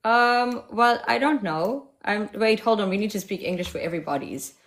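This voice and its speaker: A woman's voice: medium pitch, moderate pace, fairly bright tone. Sassy South African woman streamer. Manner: sassy, taunting, switching voices. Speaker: livestream host. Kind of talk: live stream chat with callers.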